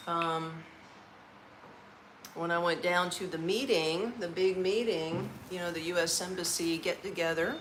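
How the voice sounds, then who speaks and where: A woman's voice: on the low side, unhurried, a little hiss or hum, low-quality recording. A woman from Orlando, Florida, chatting casually on a live stream from her apartment, tired and eating as she talks, laughing often and using folksy slang. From Orlando, Florida, United States. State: tired, eating while talking. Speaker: vlogger hosting a live stream.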